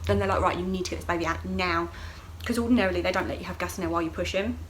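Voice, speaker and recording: Racing through a personal story, a young woman vlogs in an animated, casual, chatty style. She mimics what people said with abrupt jumps in pitch and volume. The recording is rough, with slight background noise.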